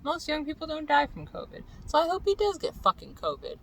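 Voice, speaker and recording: Young woman vlogger, angry cursing rant, high and animated, a little background hiss. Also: a little fast, vocal fry, poor audio. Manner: profane, heated ranting. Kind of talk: angry personal vlog rant.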